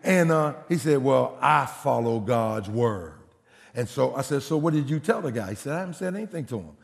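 A man preaching a sermon as a pastor, telling a story in an animated way and acting out the people he quotes. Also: on the high side, fast talker. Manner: animated, acts out quotes, laughs. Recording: long hall reverb.

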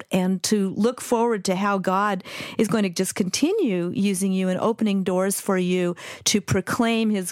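A woman's voice: medium pitch, no room sound, studio quality. Effusive woman hosting faith radio. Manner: warmly affirming, effusive. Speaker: radio show host. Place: radio studio.

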